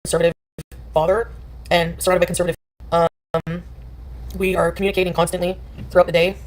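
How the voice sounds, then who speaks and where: A woman's voice: on the low side, level tone, fairly quick, a little hiss or hum. A woman chatting casually on a livestream, dismissive and rambling, full of filler "like"s. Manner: dismissive, rambling, many likes.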